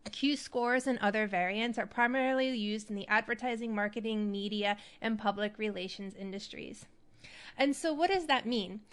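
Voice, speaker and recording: Woman, podcast host, smooth clear voice, chatty acting tips. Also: mid-range voice, moderate pace. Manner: chatty, animated, demonstrates voices. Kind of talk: advice talk on acting.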